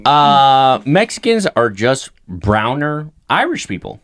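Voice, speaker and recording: A man's voice: mid-range voice, very animated, slow pace, fairly bright tone. A man in his thirties telling crude, joking stories with plenty of swearing as a comedy podcast co-host. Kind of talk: casual comedy podcast banter.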